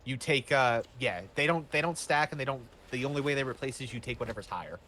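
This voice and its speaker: A man's voice: medium pitch, fast, pushed and bright, slight background noise. A man running a tabletop game as game master, talking casually with many restarts.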